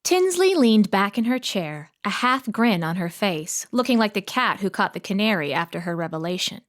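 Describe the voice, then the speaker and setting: A woman narrates an audiobook in scripted form, keeping a steady storytelling manner. Her voice is mid-range and her speed normal.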